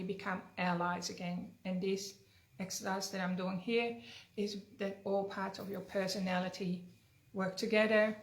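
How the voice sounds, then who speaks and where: Woman healer teaching, earnest and chatty, middle pitch, echoey room. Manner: earnest, conversational, frequent tag questions. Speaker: energy healer. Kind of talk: teaching talk with storytelling.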